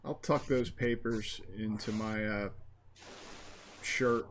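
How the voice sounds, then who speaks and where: A man's voice: on the low side, flat delivery, slow, a little hiss or hum. A man playing a tabletop game in a casual, joking manner. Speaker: player.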